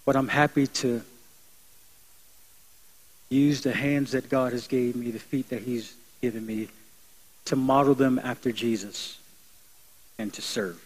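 A young adult man preaching to his church in an earnest, conversational way. His delivery swells into emphatic, lifted phrases and then drops back to a quieter, reflective tone. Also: medium pitch, fairly even intonation, a little slow, long pauses, husky, low-quality recording. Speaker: pastor. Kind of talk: sermon.

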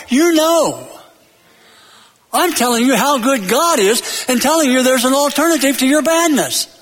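High-voiced preacher in an echoey hall. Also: male voice. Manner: emphatic, builds to loud peaks then drops low; tells jokes and stories. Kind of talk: sermon.

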